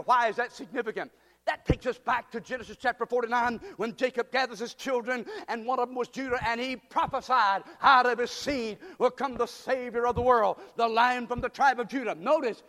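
A man, preaching a sermon as pastor, fervent and rising to shouts. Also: extremely high pitch, big-room sound. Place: church sanctuary. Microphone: church PA microphone.

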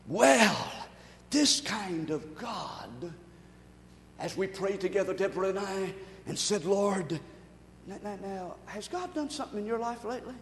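A pastor delivers a sermon in a very high-pitched, excitable voice, swinging between quiet asides and loud shouted bursts. The sound rings through a large, echoing church hall with long reverb.

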